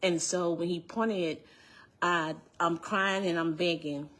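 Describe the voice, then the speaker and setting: A middle-aged woman with a lowish voice recounts her own testimony very slowly. She is earnest and halting, restarting sentences and repeating key phrases. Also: fairly even intonation, a bit bright. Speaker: speaker giving a personal testimony. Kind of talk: emotional personal storytelling.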